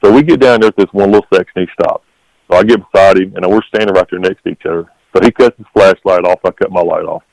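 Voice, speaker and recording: A man's voice: sits low, fast talker, vocal fry, darkish tone, no room sound, low-quality recording. A man, a guest telling his encounter story in a rambling, repetitive way. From North Carolina. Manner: rambling, repeats "literally" and "okay?".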